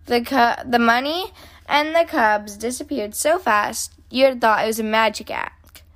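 A woman reads a children's picture book aloud in a gentle, clear storytelling manner. Her voice sits a little higher than most. She paces the story steadily for young listeners. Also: unhurried. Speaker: host, storybook reader.

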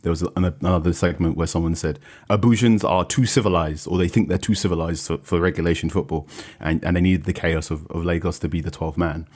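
British football reporter guy, really deep and husky, chatty, lots of ums and restarts. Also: fast, few pauses. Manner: relaxed storytelling with frequent fillers and restarts. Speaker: football journalist. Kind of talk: conversational reporting.

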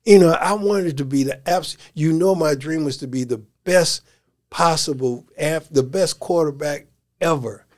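Male life coach, animated storyteller, fairly high voice. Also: a little slow. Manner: animated, laughs often, slangy storytelling. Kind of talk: casual storytelling interview.

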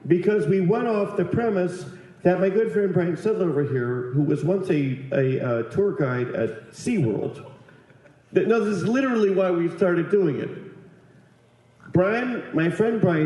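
A man's voice: sits high, animated, moderate pace, dark tone. Rambling man telling a comic story in an echoey room. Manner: rambling, profane, acts out other people's lines with big voice jumps. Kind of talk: comic storytelling, casual chat.

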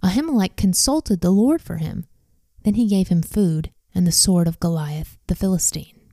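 A woman's voice: on the low side, moderate pace, dark tone, no echo. Matter-of-fact male informer; woman reader, dry close sound. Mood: reporting.

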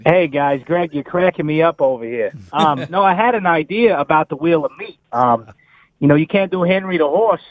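Chuckling caller on a tinny phone line. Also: male voice, a little high, animated, moderate pace, no echo. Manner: chuckling, upbeat, joking. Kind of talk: phone-in call.

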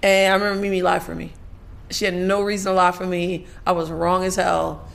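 A woman's voice: lowish voice, flat delivery, a little fast, vocal fry. A woman guest talking candidly and profanely in a casual chat, often laughing.

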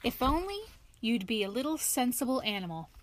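A woman doing a hearty, brisk male water rat. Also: on the high side, big pitch swings. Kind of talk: storybook reading.

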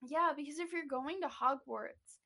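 This woman, a podcast co-host, speaks at a normal speed in a high, bright, forceful voice. She's chatty and giggly in casual conversation and says "like" a lot.

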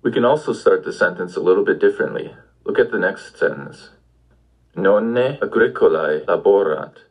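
Low raspy-ish guy running a podcast language lesson, keeps asking you to try. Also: animated, fast, a little mellow, rough recording. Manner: patient, prompting questions. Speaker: language teacher.

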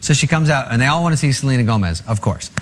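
A man's voice: medium pitch, lively intonation, fast. A man telling self-deprecating stories as a guest on a late-night talk show, chatty and laughing through them. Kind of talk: anecdotal talk-show storytelling.

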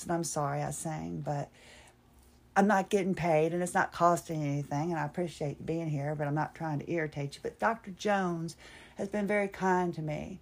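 Speaking in a low voice at a normal speed, this woman hosts a podcast where she rambles candidly through a personal story alone, with plenty of self-deprecating humor.

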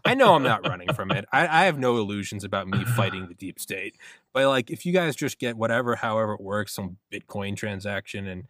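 A man's voice: on the low side, lively intonation, brisk, fairly bright tone, no echo. A man hosting a podcast in casual comedic chat, rambling and joking as he acts out imagined dialogue. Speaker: podcast host. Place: small apartment home studio.

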